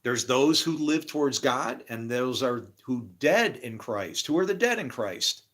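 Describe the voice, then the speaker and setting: A man's voice: mid-range voice, animated, measured pace, fairly bright tone. A man giving a rambling, casual spiritual monologue, swearing freely, laughing often and acting out imagined conversations. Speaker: spiritual speaker.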